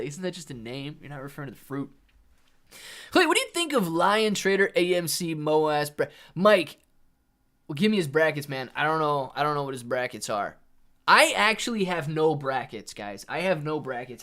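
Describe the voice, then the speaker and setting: A man with a somewhat high voice hosts a live stream and chats casually with viewers. He rambles in a laid-back way and calls people "dude" and "man" while he answers the chat. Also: lively intonation, moderate pace, fairly bright tone. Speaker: livestream host reading viewer chat.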